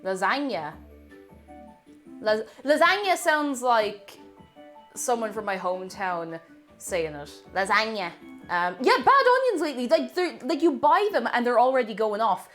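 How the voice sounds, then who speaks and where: A woman's voice: a little high, normal speed, faint music behind. A woman chatting casually to viewers while cooking live at home, reading out messages and greeting people, sometimes drifting away from the mic. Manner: chatty, reads chat aloud and greets viewers excitedly. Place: home kitchen. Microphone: moves away from mic while cooking.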